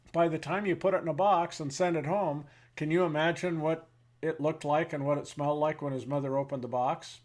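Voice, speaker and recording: A man in his seventies, a veteran interviewee telling war stories in a halting way, with pauses and fillers, then blunt and wry. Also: a little high. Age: 70s. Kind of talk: reflective war storytelling.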